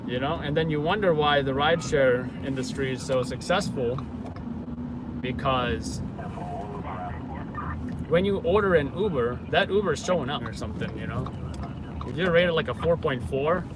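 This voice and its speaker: A man's voice: a little high, moderate pace, pauses often. A man hosting a casual live stream from inside a car, rambling with many fillers as he answers viewers. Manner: rambling, filler-heavy, self-correcting. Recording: car and street noise.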